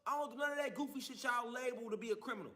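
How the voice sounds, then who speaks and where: A man in a heated, profane monologue, defiant and ranting. His voice is high and bright with a sharp, forceful edge. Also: racing. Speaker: man telling his own story in a clip. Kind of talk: angry monologue.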